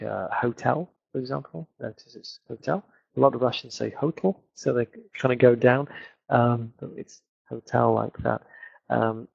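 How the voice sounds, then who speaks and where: A man's voice: mid-range voice, gravelly, slightly rough. A British man, a teacher answering questions in a webinar with many fillers and restarts. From Britain. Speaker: English teacher. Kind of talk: webinar Q&A lesson. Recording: dull lo-fi webinar audio.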